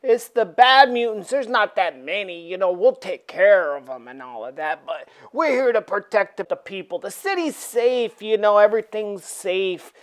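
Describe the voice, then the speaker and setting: A woman's voice: medium pitch, animated, moderate pace, few pauses, close to an everyday voice. A woman voicing a laid-back, cocky young male hero, talking breezily with lots of fillers. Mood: reassuring. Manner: breezy, filler-heavy reassurance.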